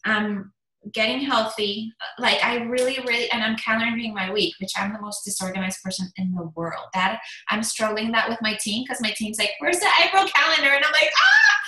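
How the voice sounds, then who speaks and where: A woman in her forties, a fitness business coach, giving an energetic motivational talk in emphatic bursts. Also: medium pitch, moderate pace. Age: 40s. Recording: echoey room.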